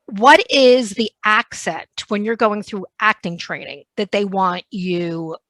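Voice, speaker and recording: A woman's voice: medium pitch, takes it slowly, a bit bright, no echo. A woman hosting a podcast, chatty and curious, asking questions with asides and fillers. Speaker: podcast host. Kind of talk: conversational interview.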